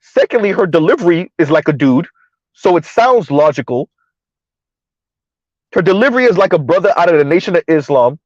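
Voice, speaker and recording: A man's voice: fairly high pitch, very animated, a little fast, pauses often, no echo, muffled recording. A man hosting a live stream in casual commentary, mocking and sarcastic as he answers his chat.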